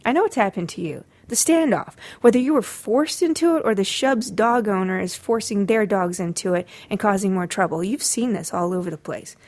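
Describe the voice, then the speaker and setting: A woman's voice: mid-range voice, fairly quick, few pauses, a little mellow. A woman hosting a dog training podcast, talking casually with sarcastic asides and frequent fillers. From Los Angeles area.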